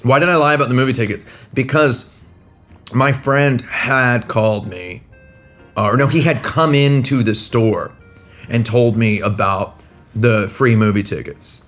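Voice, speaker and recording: A man streaming from a hotel room, rambling through a funny story in an ordinary mid-pitched voice. He keeps restarting and chuckling at his own lines. Faint music sits quietly behind him on a laptop mic. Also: a little slow. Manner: rambling, self-interrupting, laughing at own jokes. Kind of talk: casual live-stream storytelling. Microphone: laptop microphone.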